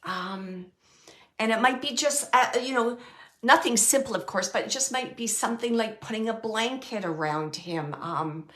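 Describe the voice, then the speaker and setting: A woman medium gives a live reading, her voice bright and a little high. She speaks in halting bursts, circles back over the same words and fills the gaps with soft fillers while she relays what she hears. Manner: halting, repeats phrases, many fillers; relays messages, quotes the dead man. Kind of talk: live audience reading, thinking aloud.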